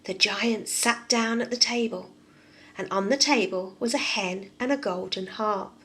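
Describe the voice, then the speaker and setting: A nursery teacher, a woman, reading a storybook aloud to young children in an expressive way and asking them questions. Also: mid-range voice, unhurried.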